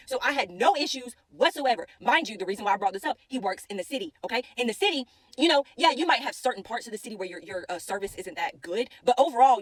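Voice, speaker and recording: Fast-talking chatty woman. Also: on the high side, a bit bright, no echo. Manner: chatty, keeps checking in with the listener. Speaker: faith content creator. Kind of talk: casual storytelling devotional.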